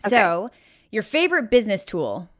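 A woman's voice: mid-range voice, very animated, moderate pace. A woman hosting a podcast interview, asking questions in an encouraging way. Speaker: podcast host.

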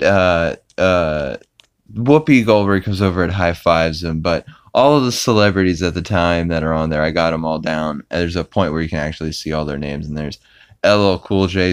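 A man's voice: sits low, normal speed, clear, resonant tone, dry recording, clean studio sound. A man hosting a podcast, casually retelling a cartoon episode with plenty of fillers and chuckles. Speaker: podcast host.

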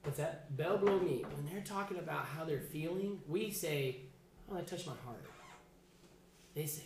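A man with a fairly high voice leads a casual Bible class, chatty and loose, often stopping to restart a sentence. He sounds like he is in an echoey room, with faint noise underneath. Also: animated, normal speed. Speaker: Bible study teacher.

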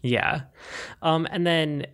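A man co-hosting a casual movie review podcast, chatting in a relaxed way with plenty of fillers. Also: fairly high pitch, slow pace, smooth. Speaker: podcast co-host.

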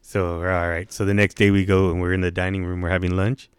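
A man with a lowish voice spins a profane, slangy story, pushing his pitch up whenever he quotes someone. The sound is close and dry with no room around it. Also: little pitch movement, fast talker, clean tone, dry recording. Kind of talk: casual storytelling.

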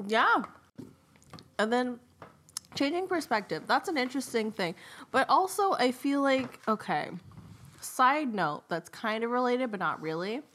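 A woman co-hosting a podcast in casual chat, animated and laughing, with quick asides and swearing. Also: fairly high pitch. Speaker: podcast co-host.

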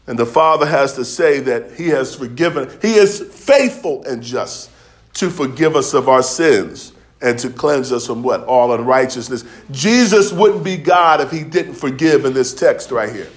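A man's voice: medium pitch, animated, unhurried. A man preaching a sermon, telling stories in a loose, conversational way with laughs along the way. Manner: storytelling, conversational, with dialect and laughs.

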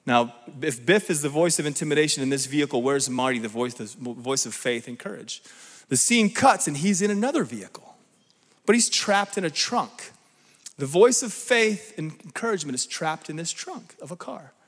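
Animated preacher in a reverberant hall. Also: male voice, on the high side, moderate pace. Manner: animated, asks the crowd "right?" often. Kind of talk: sermon.

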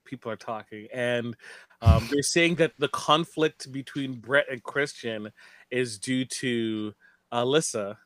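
A male co-host trading blunt, wisecracking takes in podcast chat. His pitch sits in the middle and his delivery is plainspoken. The recording is close and dry. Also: measured pace, a bit bright, dry recording. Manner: blunt, joking, repeats phrases. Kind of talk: casual reality-TV recap chat.

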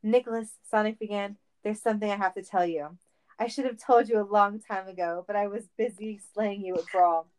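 A woman voicing a frantic, loyal male cartoon hedgehog, pleading and yelling. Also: mid-range voice, steady tone, brisk, clean tone, close to an everyday voice. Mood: earnest.

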